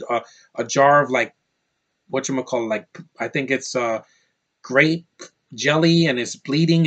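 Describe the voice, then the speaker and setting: Speaking to camera in a mid-range voice with a fairly bright tone, a man rambles through a casual, opinionated movie review, packed with fillers and restarts. The sound comes from a camera mic close to the camera.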